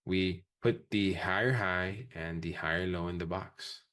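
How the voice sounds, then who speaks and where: A man with a very low voice runs a live trading class. He talks quickly and casually, dropping profanity as he explains each step to his students. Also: fairly bright tone. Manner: fast, profane, casual coaching talk. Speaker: trading instructor. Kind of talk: live-streamed trading lesson.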